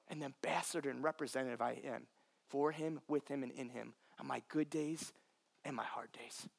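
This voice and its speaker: A man's voice: a little high, expressive, moderate pace, gravelly. A man preaching a sermon as pastor, passionate and earnest, addressing listeners directly.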